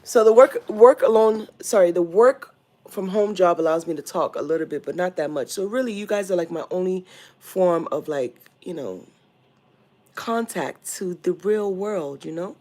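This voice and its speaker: A young Nigerian woman with a Nigerian accent chats casually on a home livestream, greeting viewers by name. As the host, she speaks at a normal pace in a slightly mellow voice that sits on the low side.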